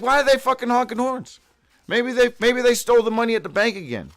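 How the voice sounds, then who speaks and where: A high-pitched man carries a daily live show alone, skipping from one odd phrase to the next with a lot of swearing. He stumbles over his own handwritten notes and now and then breaks into a loud whoop. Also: lively intonation, brisk. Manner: profane, free-associating, with sudden whoops. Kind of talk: rambling live monologue.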